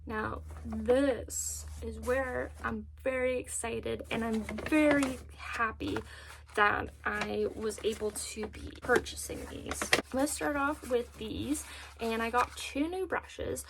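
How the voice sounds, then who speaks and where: A woman's voice: fairly high pitch, slow, gravelly, noisy background. A woman of twenty-two chatting in a bubbly, gushing way about her makeup purchases as a beauty vlogger. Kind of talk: casual makeup haul chat.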